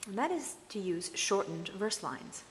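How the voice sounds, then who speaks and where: A woman lecturing on verse meter, explaining patiently and reading quoted lines slowly. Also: mid-range voice, sing-song, long reverb tail, a little hiss or hum, rough recording. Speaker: literature lecturer.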